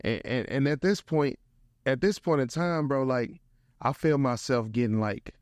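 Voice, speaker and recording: A young man with a St. tells a story in a lively, slangy way, his voice sitting in the middle range. The sound is close and dry, with no room echo. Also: mid-range voice, measured pace. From St. Louis, USA. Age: young adult. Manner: animated, slangy, peppers speech with "bro". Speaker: guest, motivational speaker. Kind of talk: casual storytelling.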